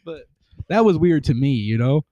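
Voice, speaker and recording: A man's voice: a little high, expressive, normal speed, dark tone, no echo, highs cut off. A man telling stories casually on a podcast, rambling with lots of fillers. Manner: rambling, filler-heavy storytelling. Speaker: podcast co-host. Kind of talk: casual chat.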